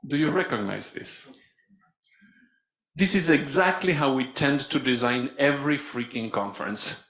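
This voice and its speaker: Lively man running a workshop, echoey room. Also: mid-range voice, measured pace. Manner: animated, playful, instructive. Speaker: workshop facilitator. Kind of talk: live conference workshop. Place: conference room.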